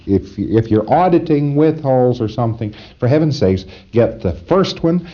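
A man with a lowish voice lectures to a room of trainees in a folksy, wry way, often breaking into chuckles and acting out short exchanges. The recording is a dull, muffled old tape.

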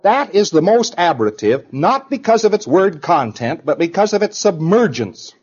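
A man's voice: sits high, big pitch swings, normal speed, darkish tone, breathy edge, muffled recording. A man giving an informal lecture in a conversational, digressive way, now and then acting out example voices.

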